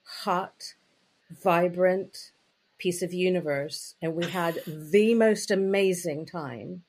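A woman's voice: on the low side, slow, a little mellow. A woman guest on an interview, telling personal stories in a candid, chatty way with lots of "you know" and "like.". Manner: chatty, frank, full of "you know" and "like" fillers. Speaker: interview guest, intimacy coach. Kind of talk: candid conversational storytelling.

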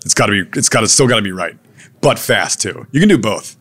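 Male chef in casual interview: low voice, easygoing but blunt, slangy. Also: lively intonation, fast, fairly bright tone, breathy edge. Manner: laid-back, blunt, peppered with "man" and "dude", occasional swearing. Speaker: chef and restaurateur.

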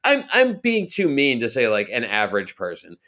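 A man co-hosting a casual sports chat podcast. His voice sits at a middle pitch. He talks in a wry, rambling way, thinking out loud with fillers. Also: huge pitch swings, moderate pace. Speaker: podcast co-host.

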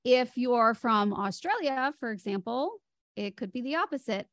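A woman's voice: on the high side, lively intonation, normal speed, a bit bright, no echo, studio quality. A middle-aged woman with an American accent, explaining speech patterns as a voice coach in an interview. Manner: explanatory, demonstrates speech melody with her voice. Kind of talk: podcast interview guest.

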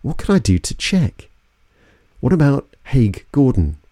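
A man's voice: medium pitch, sing-song, a little slow, mellow, no room sound, clean studio sound. A man from London narrating an investigative story in a suspenseful, scripted way. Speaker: podcast narrator.

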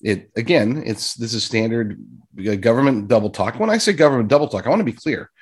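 A man's voice: mid-range voice, expressive, brisk, slightly rough. A man giving sarcastic, rambling political commentary and addressing his listeners directly. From United States.

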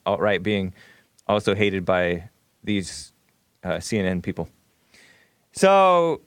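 Opinionated talk show host, dry mic. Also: male voice, lowish voice, clean tone, dry recording. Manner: opinionated, rambling, laughs often. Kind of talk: casual call-in radio commentary.

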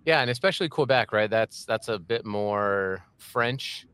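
A man's voice: on the low side, expressive, a little slow, a bit bright, smooth, no echo. A man hosting a podcast interview, chatty and jokey, with rambling asides. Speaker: podcast host. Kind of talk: casual interview chat.

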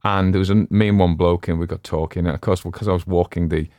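A Cumbrian-accented man of middle age, from West Cumbria in England, speaks quickly in a low, steady, slightly mellow voice. He narrates audiobooks and hosts a story channel, here just chatting casually on a dry, clean studio recording. He rambles, runs himself down, and fills his speech with fillers and restarts.

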